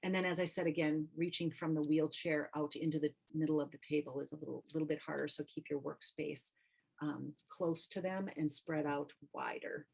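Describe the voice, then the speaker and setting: A middle-aged woman with a low voice leads an online art workshop over a video call. She talks in a relaxed, conversational way, pausing on fillers and restarting her sentences. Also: vocal fry, slightly rough, rough recording. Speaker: teaching artist and nurse. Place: home or studio, video call. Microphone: computer mic on video call.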